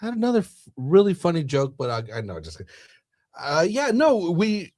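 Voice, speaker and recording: A man's voice: sits high, big pitch swings, moderate pace, darkish tone, no room sound, studio quality. A man co-hosting a live soccer fan show, joking around and reading out club news. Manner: jokey, laughs, reads out club announcements. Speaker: podcast co-host. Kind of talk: casual chat about local soccer.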